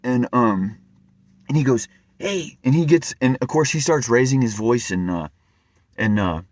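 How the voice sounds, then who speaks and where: A man's voice: mid-range voice, normal speed, a little mellow, dry recording, clean studio sound. A man telling a personal story to camera in an earnest, rambling way, often stumbling and repeating his words. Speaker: vlogger.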